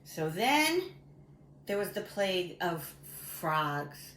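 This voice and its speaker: A woman preschool teacher telling a story to small children in a playful, animated way. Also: on the low side, takes it slowly. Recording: roomy echo with faint background noise.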